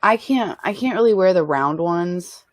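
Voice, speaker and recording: Female guest, lower voice, dry close sound, blunt and self-mocking. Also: lively intonation, normal speed, no room sound. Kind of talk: casual chat.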